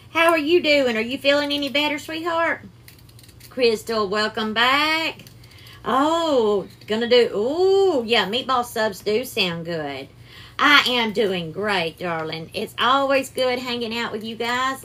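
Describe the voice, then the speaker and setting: A woman with a Southern US accent hosts a relaxed live cooking stream in a fairly high, sharp voice. She chats and greets viewers by name, calling them sweetheart and darling.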